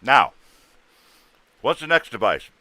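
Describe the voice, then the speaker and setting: A man hosting a livestream, bluntly pitching ghost hunting gear in rough, casual sales patter. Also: sing-song, slow pace, pushed and bright. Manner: rough-spoken, blunt, salesman patter with sound-effect noises.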